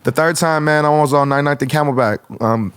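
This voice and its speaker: A man's voice: on the high side, quick pace, a bit bright, clean tone, no room sound. A man from Arizona, a rapper guest telling stories in a casual interview, swearing freely and acting out what others said. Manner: profane, rambling, acts out others' lines.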